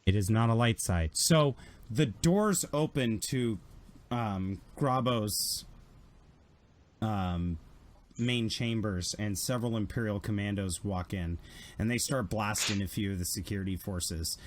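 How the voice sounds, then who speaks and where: A man running a tabletop game as game master, telling the story in a casual, animated way with fillers. His voice sits fairly low. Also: measured pace.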